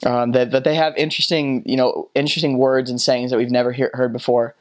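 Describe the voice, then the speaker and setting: A man in his twenties, a former missionary, talking casually and haltingly about his time abroad. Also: mid-range voice. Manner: relaxed, halting, full of fillers. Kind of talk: casual storytelling.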